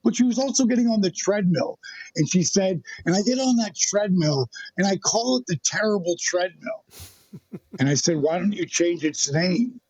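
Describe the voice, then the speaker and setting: Male guest, animated storyteller; higher pitch, raspy, recorded dry and dull. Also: normal speed, dry recording. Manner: animated, acts out quoted dialogue. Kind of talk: storytelling in a podcast interview.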